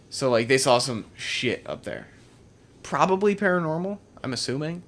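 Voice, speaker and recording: A man's voice: mid-range voice, animated, normal speed, a bit bright. Laid-back man telling a story casually. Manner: laid-back storytelling, heavy swearing and filler words. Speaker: podcast host. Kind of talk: casual chat.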